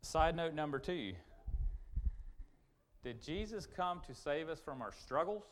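A man preaching a sermon, emphatic and repetitive, swinging from loud urgent points to quiet asides. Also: fairly high pitch, lively intonation, measured pace. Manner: emphatic, repetitive restarts, rising and falling sharply.

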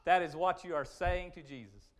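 A man preaching a sermon, emphatic and repetitive, swinging from loud urgent points to quiet asides. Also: a little high, normal speed. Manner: emphatic, repetitive restarts, rising and falling sharply.

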